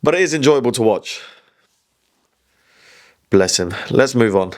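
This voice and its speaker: A man's voice: mid-range voice, expressive, a little slow. A man hosting a comedic news roundup, chatty and wry, laughing at his own jokes.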